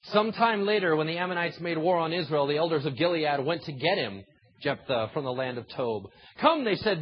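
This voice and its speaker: Male pastor, lively pitch, sermon delivery, slightly dull lo-fi recording with faint room ambience. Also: a little fast. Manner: animated, acts out dialogue between God and people.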